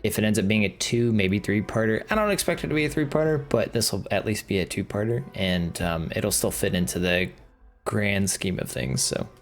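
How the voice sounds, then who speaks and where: A woman's voice: very deep voice, a little fast. A woman running a tabletop game, chatting in a laid-back way and chuckling often. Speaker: game master. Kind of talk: casual chat.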